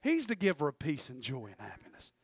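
A man preaching a sermon in church, talking in quick asides and rising to sudden shouted peaks. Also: a little high, huge pitch swings, slightly rough, no echo. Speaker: pastor.

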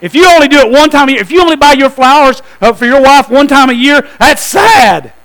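High-voiced preacher man, humming line. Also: a little fast, rough recording. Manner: animated storytelling preacher, calls out to the congregation. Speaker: pastor. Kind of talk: sermon. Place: church.

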